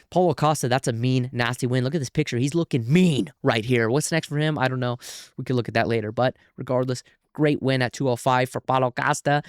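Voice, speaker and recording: A man hosting a casual post-fight breakdown, excitable and prone to bursts of shouting and groaning. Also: mid-range voice, no room sound, clean studio sound. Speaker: MMA commentator and video host.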